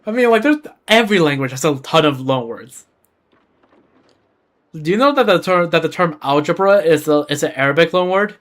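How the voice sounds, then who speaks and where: A man's voice: on the high side, animated, normal speed, a bit bright. A man streaming a game, chatting casually in a rambling way and repeating words as he thinks. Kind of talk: casual gameplay commentary.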